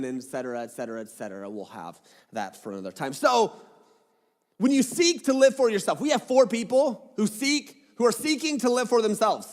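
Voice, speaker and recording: A man's voice: high voice, sing-song, fairly quick. A man preaching a sermon, reading scripture aloud and breaking off into jokey, casual asides. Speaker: pastor. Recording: long hall reverb.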